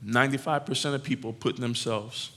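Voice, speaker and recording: A man preaching a sermon in an animated, conversational way, teasing his congregation. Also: medium pitch, fairly quick.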